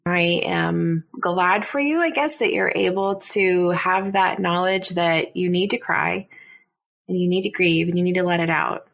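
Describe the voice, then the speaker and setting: A podcast host, a woman, asks gentle, probing questions. Her voice sits low and has a gravelly, creaky edge. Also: fairly even intonation, a little slow. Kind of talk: podcast interview.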